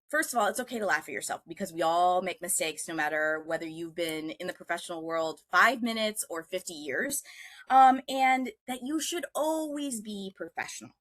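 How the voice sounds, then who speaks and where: A woman's voice: on the low side, bright, forceful tone, dry recording. A young woman speaking as a guest presenter on a video call, telling a story with animation, self-deprecating humor and frequent ums. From Michigan. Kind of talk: webinar presentation.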